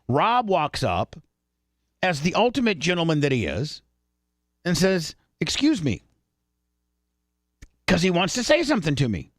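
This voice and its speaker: A man hosting a radio talk show, telling a story in a rambling, animated way with many restarts. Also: a little high, moderate pace, dry recording, clean studio sound. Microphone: studio microphone.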